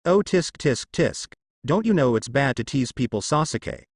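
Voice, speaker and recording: A man voicing a playful, scheming masked man who teases in a slow, singsong way. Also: mid-range voice, lively intonation, husky, no room sound, studio quality. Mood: teasing. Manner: teasing, singsong.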